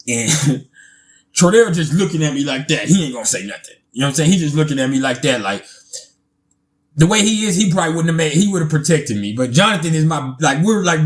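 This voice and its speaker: Man w/ telling a story, super lively pitch, slightly high voice, laughs a lot. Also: brisk. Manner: animated, swears freely, laughs often, jumps into high voices for quotes. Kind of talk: casual spoken storytime.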